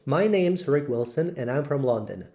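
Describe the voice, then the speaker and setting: Man, English teacher, mellow tone, slow careful read-aloud of lesson texts. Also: medium pitch, expressive. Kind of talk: reading textbook passages aloud.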